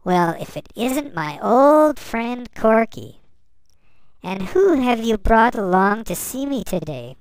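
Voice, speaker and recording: A woman's voice: medium pitch, animated, clean tone, dry recording, natural voice. Woman doing a kindly old sun. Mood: friendly. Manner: slow, friendly, gentle. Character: big, kindly old sun, warm and friendly.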